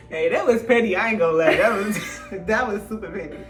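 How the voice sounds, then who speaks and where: A young woman chatting casually as a guest, animated and slangy with frequent laughter. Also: mid-range voice. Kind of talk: casual chat. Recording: echoey room with music.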